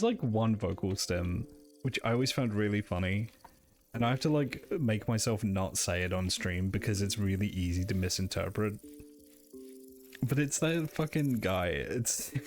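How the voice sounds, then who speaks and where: A man streaming a game live, muttering to himself casually, swearing and laughing often. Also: on the low side.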